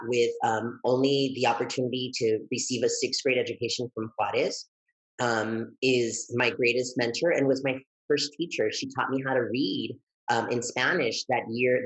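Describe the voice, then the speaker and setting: A man guesting on an interview, telling his story in a lively, expressive way that jumps high when he gets excited. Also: rough recording. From Texas, United States. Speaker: guest, educator and author.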